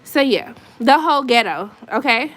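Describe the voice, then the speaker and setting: Woman, higher pitch, casual live-stream vlogger at home, exasperated venting. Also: animated, moderate pace, fairly bright tone. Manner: venting, exasperated, chatty with asides. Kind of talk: casual chat to viewers. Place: her apartment at home.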